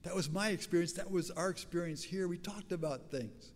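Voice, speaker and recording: An older man, a pastor with a raspy voice, preaching a sermon in a conversational, storytelling way with frequent restarts. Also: sits high, a little fast, in a large hall, slight background noise.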